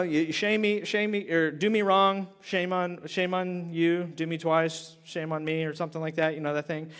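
A male pastor delivering a sermon in a church, telling the story in an animated way and acting out quotes. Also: high-pitched, in a large hall.

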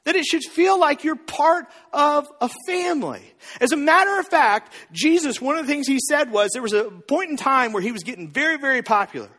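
Man pastor preaching in a church, lively pitch all over the place, jokey storyteller, echoing hall. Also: fairly quick, few pauses. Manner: animated, joking storyteller. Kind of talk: sermon.

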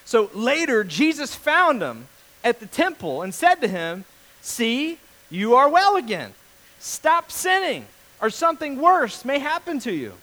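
A man's voice: high-pitched, poor audio. A male pastor giving a casual, jokey sermon, acting out the people in the story. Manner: animated storyteller, acts out voices, jokey.

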